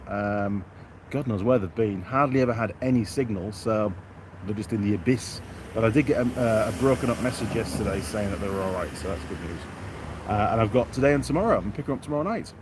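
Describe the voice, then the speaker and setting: A man's voice: lowish voice, noisy background. Chatty middle-aged man from England. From York, England. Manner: chatty, self-deprecating, addresses viewers by name. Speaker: live-stream host. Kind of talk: casual live-stream chat reading viewer comments. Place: outdoors.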